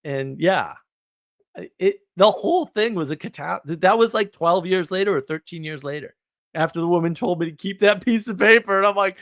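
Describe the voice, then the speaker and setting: Animated, indignant New man. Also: high voice, normal speed, dry recording. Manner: animated, indignant, laughs often, repeats words. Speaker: podcast host. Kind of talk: casual storytelling on a live stream.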